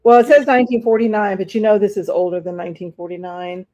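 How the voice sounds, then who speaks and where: Talking fast in a medium-pitched voice with fairly even intonation, a woman hosts a live online auction. Her selling chat is casual and rambling, warm toward bidders as she discusses each item, with many fillers.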